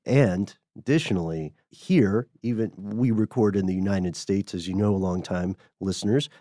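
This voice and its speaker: Measured low-voiced man explaining. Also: mellow, no echo, studio quality. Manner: measured, explanatory, steers the topic. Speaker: podcast co-host. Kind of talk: casual chat.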